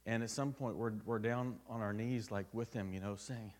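A man's voice: lowish voice, steady tone, moderate pace, a little mellow. A man preaching a sermon at a church service, telling a personal story in an earnest, conversational way. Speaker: pastor.

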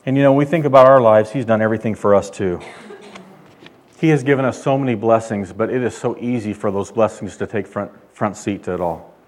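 A male pastor delivering a sermon, emphatic, rising and getting louder when he quotes God. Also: on the low side, a little fast. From California. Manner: emphatic preaching, loud when quoting God.

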